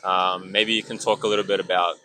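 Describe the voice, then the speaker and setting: A man's voice: low-pitched, little pitch movement, fairly quick, bright, forceful tone, low-quality recording. A man asking questions as the interviewer, hesitant with fillers.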